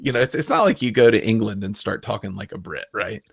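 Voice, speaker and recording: Gravelly, husky man hosting a stream. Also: on the low side, animated, fast talker, no room sound. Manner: rambling, self-correcting, laughs often. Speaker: livestream host. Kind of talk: casual livestream chat. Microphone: video call.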